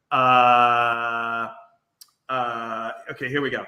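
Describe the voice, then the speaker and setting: A man's voice: mid-range voice, steady tone, normal speed, pushed and bright, echoey room. A man with a faint Brooklyn accent, co-hosting a podcast and recapping an episode in a rambling, filler-heavy casual chat. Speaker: podcast co-host.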